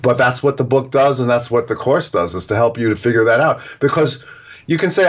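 A man's voice: mid-range voice, fairly quick. Man with dull lo-fi sound, rambling explainer. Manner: digressive, explaining with acted-out examples. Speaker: author and guest. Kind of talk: casual interview talk. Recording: dull lo-fi audio.

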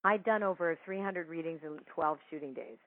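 Chatty female storyteller, animated and laughing, dry tinny phone-line audio. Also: sits low, a little fast, dry recording. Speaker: psychic medium guest telling a story. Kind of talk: casual storytelling interview.

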